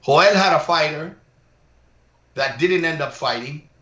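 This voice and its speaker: A man with a slightly high voice, chatting casually and chuckling through his stories while mixing in Spanish. The room sounds echoey and the audio is dull and lo-fi. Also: unhurried, pushed and bright. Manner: chuckling, trades anecdotes in English and Spanish. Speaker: co-host. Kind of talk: casual chat.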